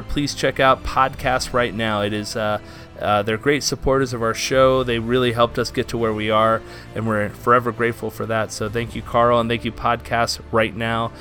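A man's voice: mid-range voice, level tone, moderate pace, a bit bright, faint music behind. A man hosting a casual gaming podcast, chatting with enthusiasm. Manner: enthusiastic, upbeat sign-off. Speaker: podcast host.

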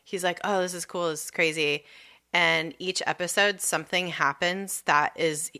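A woman's voice: fairly low pitch, steady tone, normal speed, sharp tone. A woman in her thirties chatting casually, telling a rambling story full of fillers. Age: 30s. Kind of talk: casual chat.

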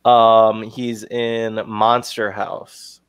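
A young man co-hosting a casual podcast, chatting and retelling film scenes with quick impressions. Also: lowish voice, completely flat delivery, clear, resonant tone, no room sound. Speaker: podcast co-host. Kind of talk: casual chat.

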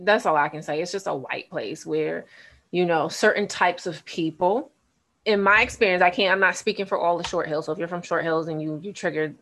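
Blunt, low-voiced New woman. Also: a bit bright. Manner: blunt, candid, laughs often. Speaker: podcast co-host. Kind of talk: casual chat.

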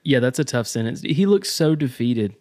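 Man, podcast co-host, easygoing sports chat, mid pitch, dry recording. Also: lively intonation, normal speed, a little mellow, no echo. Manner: easygoing, short agreeing replies.

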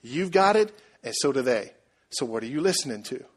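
A man preaching a sermon, telling a story and asking the congregation questions in a lively, conversational way. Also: mid-range voice, brisk, husky. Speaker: pastor.

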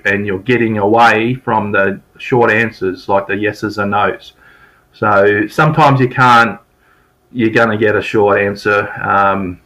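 A man's voice: fairly low pitch, sharp tone, low-quality recording. A middle-aged man teaching sales techniques in an informal, conversational way, repeating key points for emphasis. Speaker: sales trainer. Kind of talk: informal spoken sales lesson.

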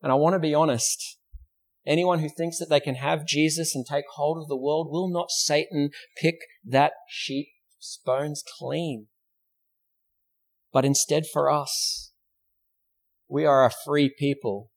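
A man's voice: on the high side, fairly even intonation, a little slow. A male pastor with an Australian accent, preaching a sermon in a church, telling a story and posing rhetorical questions. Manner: storytelling preacher, acts out quoted voices.

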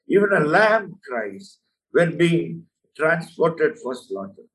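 A man's voice: on the high side, fairly bright tone, distant mic, poor audio. A man preaching a sermon, earnest and emphatic, often calling the listener "my friend".

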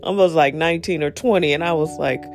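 A speaker telling a casual story and giving advice, rambling with many asides and fillers, getting animated when retelling exchanges. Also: medium pitch, fast, gravelly, faint music behind. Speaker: monologue speaker.

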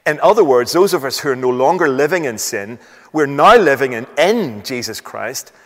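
A man's voice: mid-range voice, animated, moderate pace, a bit bright, in a large hall. A man preaching a sermon, asking rhetorical questions, reading scripture aloud and stressing points emphatically.

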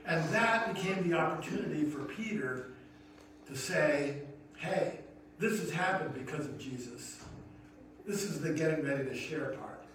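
A man, a pastor, preaching a sermon in an earnest storytelling manner that rises to emphatic questions. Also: on the high side. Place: church sanctuary. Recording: echoey hall from far off, noisy.

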